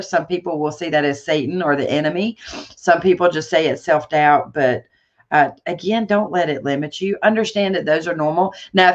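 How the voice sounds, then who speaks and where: Woman interview guest, lively storyteller, restarts a lot, muffled lo-fi audio. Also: lowish voice. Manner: animated storytelling, many fillers and restarts. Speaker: guest entrepreneur. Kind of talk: conversational interview.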